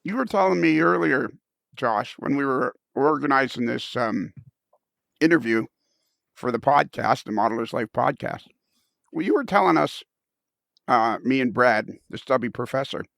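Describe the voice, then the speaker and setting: A podcast host jokes and rambles through comedic casual banter, with many restarts and fillers. His medium-pitched voice is creaky and a bit bright, with lively intonation at normal speed, in a dry recording.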